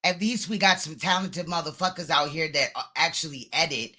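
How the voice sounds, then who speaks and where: Very bright-voiced man roasting people. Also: on the high side, fairly quick. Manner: crude, mocking, profane. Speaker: co-host commentator. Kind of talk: roasting live commentary.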